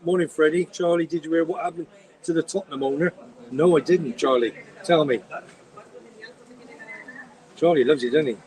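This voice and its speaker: A man's voice: fairly high pitch, normal speed, pauses often, a little mellow, rough recording. A man in his sixties, co-hosting a casual live stream, chatting, bantering and reading out viewer comments. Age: 60s. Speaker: co-host.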